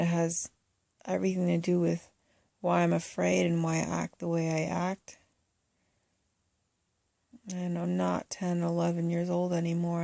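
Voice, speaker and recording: A woman filmmaker speaking in a soft, halting, hesitant way, in confessional documentary talk. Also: fairly low pitch, creaky, no room sound, studio quality. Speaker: first-time filmmaker.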